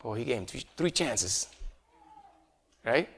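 Chatty preacher from Puerto Rico. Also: male voice, mid-range voice, big pitch swings, slow pace, a bit bright. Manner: chatty, asks the congregation rhetorical questions, chuckles often. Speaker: pastor. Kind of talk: conversational sermon.

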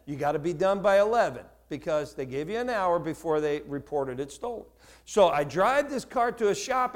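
Animated older man telling his testimony. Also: sits high. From Newark, New Jersey area. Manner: animated, acts out dialogue, self-mocking humor. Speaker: preacher giving his testimony. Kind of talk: testimony sermon storytelling.

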